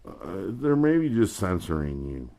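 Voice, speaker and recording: A man's voice: sits low, very animated, moderate pace, gravelly, warm tone. A drunk man rambling crudely in casual chat on a livestream, swearing often.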